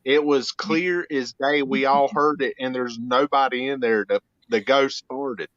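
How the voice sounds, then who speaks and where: A man's voice: mid-range voice, fairly even intonation, unhurried, a bit bright, no echo. A man telling an earnest story about an investigation in a casual chat. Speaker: paranormal investigator guest. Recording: dull lo-fi audio.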